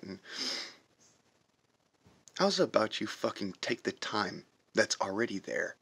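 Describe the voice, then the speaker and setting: A man from the United States with a very deep, husky voice and a hard, forceful edge. He rants at the camera, swearing freely and stressing his words slowly to drive them home. The talk stays confrontational and emphatic throughout. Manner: profane, confrontational, emphatic, with slow drawn-out stresses. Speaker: reaction video host. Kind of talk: heated patriotic rant to camera.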